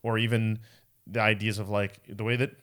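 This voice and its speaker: A man with a deep, low voice speaks in a relaxed, conversational way at a church gathering. He reflects aloud, circling back and reaching for the right words with frequent fillers. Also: normal speed. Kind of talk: conversational talk in a church series.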